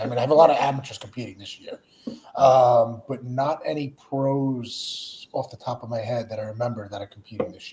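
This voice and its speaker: A male coach as a guest, answering in a calm, measured way. He explains plainly and fills pauses with phrases like "I mean". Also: mid-range voice. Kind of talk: casual interview answers.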